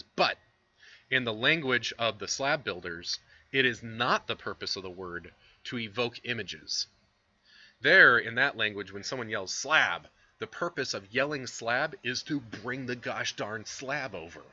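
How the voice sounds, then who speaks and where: A man's voice: on the low side, sharp tone, lo-fi sound. A man giving a casual recorded lecture on philosophy, explaining with fillers and conversational asides. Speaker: philosophy instructor.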